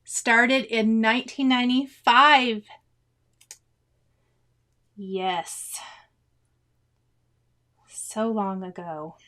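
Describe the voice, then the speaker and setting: A high-voiced woman in her forties talks casually through a cross-stitch livestream. She reads viewers' comments aloud, laughs often and keeps breaking into exclamations. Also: very slow, pauses often, sharp tone. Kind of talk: casual chat reading live comments.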